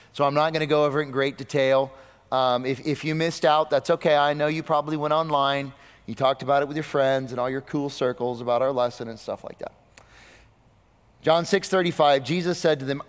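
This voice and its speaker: A man preaching a sermon, asking his listeners rhetorical questions and swinging between loud, high bursts and low, quiet stretches. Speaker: pastor. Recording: long reverb of a hall.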